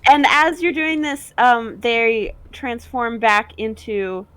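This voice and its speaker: Brief: a woman running a tabletop game, unhurried delivery. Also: a little high, lively intonation, fairly bright tone, clean tone, no echo. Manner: slow, halting narration with fillers. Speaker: game master.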